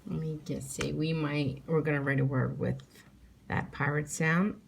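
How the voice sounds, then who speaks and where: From home, a middle-aged woman teaches young children to spell, slowly and patiently sounding out every letter, repeating words and breaking them into sounds for the little learners. Her low voice has a gravelly edge and a steady tone, with a little hiss or hum in the background.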